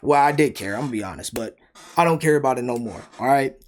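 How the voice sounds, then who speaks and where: A man's voice: mid-range voice, lively intonation, fast talker. A young man telling a story in a casual rant, heated and emphatic, full of rhetorical questions. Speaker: storyteller vlogger.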